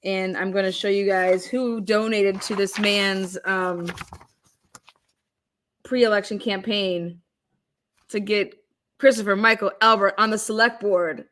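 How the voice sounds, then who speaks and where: A woman hosting a live-stream chat, excitable and giggly, swearing casually. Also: medium pitch, a little slow, long pauses. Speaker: livestream host.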